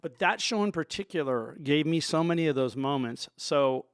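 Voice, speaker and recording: A man's voice: a little high, expressive, normal speed, clear, resonant tone, no room sound, studio quality. A man, a sound engineer, telling stories from his work in a loose, rambling way full of asides. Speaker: sound engineer, show guest. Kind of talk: storytelling in a conversation.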